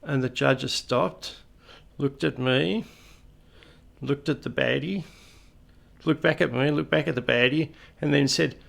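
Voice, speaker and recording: A man's voice: medium pitch, unhurried, gravelly, long pauses, a bit bright. A middle-aged Australian man telling anecdotes in a casual, conversational way with folksy asides. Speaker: retired police officer storyteller.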